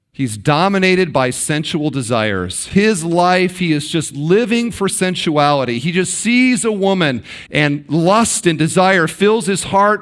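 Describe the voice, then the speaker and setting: A middle-aged pastor with a fairly high voice, preaching to his congregation. He talks conversationally, drops into hushed dramatic pauses, and acts out the quotes he reads. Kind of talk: sermon.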